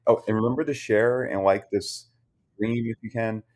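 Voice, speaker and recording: A man's voice: lowish voice, fairly even intonation, normal speed, a little mellow. A man casually hosting a live stream, chatting easily and speaking straight to his viewers. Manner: easygoing, chatty, addresses viewers directly. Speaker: host relaying audio rooms.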